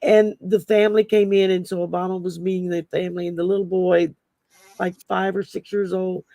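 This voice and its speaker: A man's voice: high-pitched, level tone, brisk, creaky, mellow, no room sound. A man hosting a live online chat, telling stories in a loose, rambling way and often restarting his phrases. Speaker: host. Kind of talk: casual live-stream chat.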